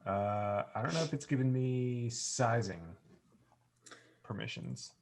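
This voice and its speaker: A man's voice: medium pitch, expressive, slow, a little hiss or hum. A laid-back, joking man chatting and reading game cards aloud.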